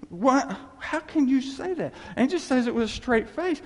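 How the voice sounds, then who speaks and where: A man preaching a folksy, animated sermon with laughing asides, recorded in a church hall. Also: extremely high pitch, moderate pace. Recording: echoey hall with long reverb.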